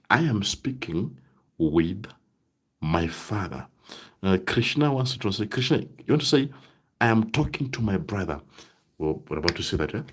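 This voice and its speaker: A man teaching a live online German lesson, saying example sentences slowly and checking in with "right?" often. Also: lowish voice, husky.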